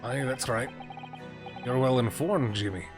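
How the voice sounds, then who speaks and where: A blunt, gruff Scottish prison governor, voiced by a man reading a game aloud. He talks in a brusque, dialect-heavy way. Game music plays clearly behind him. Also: medium pitch, a little slow, lightly acted.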